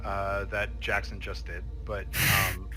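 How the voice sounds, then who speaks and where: A laid-back man running a tabletop role-playing game and rambling through scene narration, full of ums and uhs. His voice is very bright and sharp, with faint music behind it. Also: low-pitched, completely flat delivery, takes it slowly. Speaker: game master.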